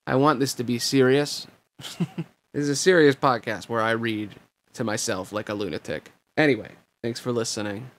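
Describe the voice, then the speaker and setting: Gravelly man musing aloud. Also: medium pitch, steady tone, moderate pace. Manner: self-deprecating, musing, thinks out loud. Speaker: podcast host reading a novel aloud. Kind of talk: casual rambling afterthoughts.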